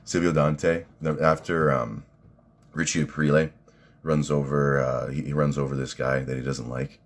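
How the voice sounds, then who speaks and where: A man's voice: extremely low pitch, little pitch movement, normal speed. A man talking in a casual rambling vlog, profane and laughing at his own stories. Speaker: fitness vlogger and coach.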